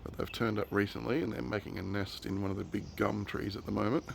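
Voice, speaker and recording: This uncle, Australian-accented with a lowish, creaky voice, talks quickly while filming a nature video for his nephews in a rural yard with bush and birds. A little hiss or hum is present. He's chatty and excited, lowering to a hush near animals.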